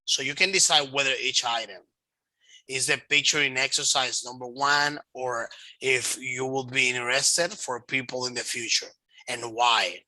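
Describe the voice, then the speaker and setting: A man teaching an English lesson online, slow and patient, explaining step by step. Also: medium pitch, fairly even intonation, sharp tone, no echo, poor audio.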